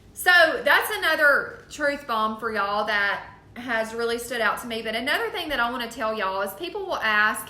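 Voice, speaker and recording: Chatty woman, bright echoey voice. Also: fairly high pitch. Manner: chatty, earnest, many ums and likes. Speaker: direct sales team leader. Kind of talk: casual motivational talk to team. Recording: echoey room.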